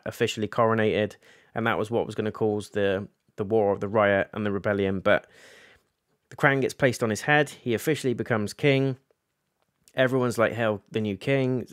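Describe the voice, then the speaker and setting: A man's voice: fairly low pitch, fairly bright tone, no room sound, studio quality. A man gives a casual episode review, animatedly recapping scenes and acting out the characters' lines.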